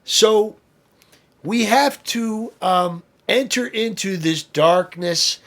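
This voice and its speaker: A priest giving an informal spoken lesson, explaining with fillers and asides and rising to emphatic peaks. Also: male voice, on the high side, creaky, a bit bright. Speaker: priest teaching a study session.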